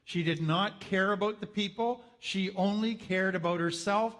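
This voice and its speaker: High-voiced man teaching in an echoey hall. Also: fairly bright tone. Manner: storytelling with wry humorous asides. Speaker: teacher on trauma. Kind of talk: conversational teaching talk.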